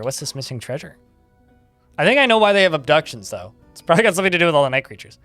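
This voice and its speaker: A fairly high-voiced man talks through a live game stream, reading game text aloud and cursing offhandedly. His delivery swings up and down with lots of life. The sound is dry and close, with faint music underneath. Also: sing-song, very fast, a bit bright, no room sound. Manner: chatty, reads game text aloud, swears casually. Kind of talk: live gameplay commentary.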